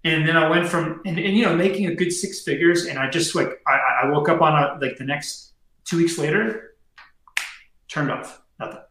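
A man's voice: a little high, steady tone, moderate pace, fairly bright tone. A middle-aged man, a podcast guest, telling a story casually in slangy talk full of fillers. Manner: slangy, heavy on fillers and "dude". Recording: very echoey room.

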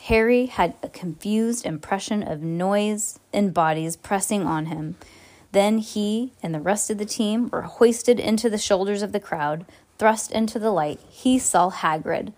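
A woman podcast host reading a book aloud, expressive, with small restarts and asides. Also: medium pitch. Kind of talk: casual read-aloud storytelling.

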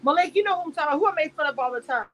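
A woman with a high voice chats through a live stream. She rambles, laughs often and reads her viewers' comments aloud. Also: expressive, very fast, fairly bright tone, muffled recording. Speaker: YouTube live host reacting to a reality show cast. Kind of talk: casual live-stream chat.

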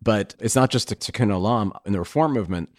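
An earnest male host with a very deep voice, speaking emphatically and often circling back to restart his thoughts. The sound is dry and close, with no room around it. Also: fast talker, no echo. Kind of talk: casual conversation.

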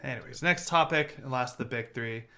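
A man's voice: medium pitch, pushed and bright. A young man co-hosting a podcast, chatting casually about sports in rambling bursts. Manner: rambling, quick bursts of talk. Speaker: podcast co-host.

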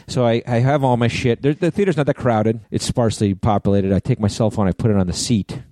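A man's voice: medium pitch, fast, hardly any pauses, warm tone, no echo. A middle-aged man from the US East Coast, co-hosting a podcast and rambling through a story with lots of swearing. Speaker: podcast co-host. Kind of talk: casual chat.

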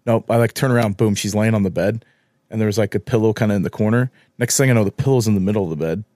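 An easygoing man in his thirties talks briskly in a casual podcast chat, laughing often. His voice sits low and the recording is dry and close. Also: darkish tone, no room sound. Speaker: podcast co-host.

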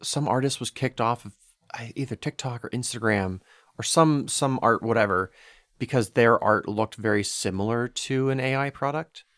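A man co-hosting a casual podcast chat, telling anecdotes in a relaxed way with some fillers. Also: medium pitch, moderate pace, no echo, clean studio sound. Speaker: podcast co-host.

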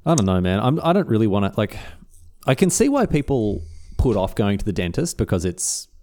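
A man co-hosting a casual podcast, talking fast with a lively, swooping delivery. His voice sits a little low, and he keeps breaking into high, exaggerated mock voices as he tells a story. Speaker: podcast co-host. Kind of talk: casual chat.

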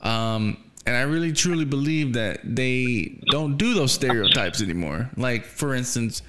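A man's voice: medium pitch, expressive, unhurried, noisy background. A man hosting a podcast, chatting casually and swearing freely, laughing often. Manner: profane, laid-back, laughs often. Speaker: podcast host.

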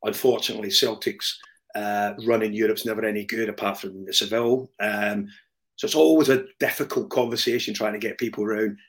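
A man's voice: lowish voice, fairly even intonation, a little fast. A man with a Glaswegian Scottish accent tinged with English, a podcast guest talking in a hesitant, self-deprecating way, full of ums and restarts. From Glasgow, Scotland. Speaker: supporters club member, podcast guest. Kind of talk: casual podcast chat.

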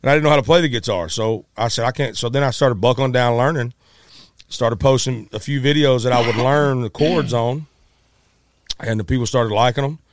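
Speaking fairly fast in a mid-range voice, a middle-aged man who plays music relates a story in a relaxed, lively manner. He performs the quoted lines himself and keeps starting his sentences over.

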